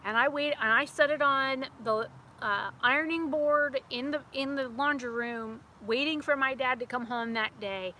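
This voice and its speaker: A woman vlogger, chatting outdoors and telling an animated story. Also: high voice, slight background noise. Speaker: beauty vlogger. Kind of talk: casual storytelling vlog. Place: outdoors near a house.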